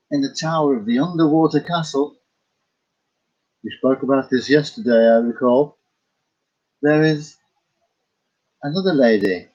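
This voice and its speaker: A man's voice: on the high side, a little mellow, muffled recording. A man, a painter, talking about his work in a casual, rambling vlog, musing and correcting himself as he goes. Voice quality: musing, wandering, self-correcting. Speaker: vlogger and painter.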